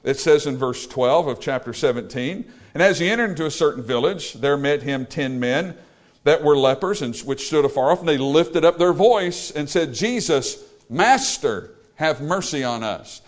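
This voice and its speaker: A male preacher delivering a sermon, rising to loud exclamations and dropping to quiet, low lines. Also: moderate pace.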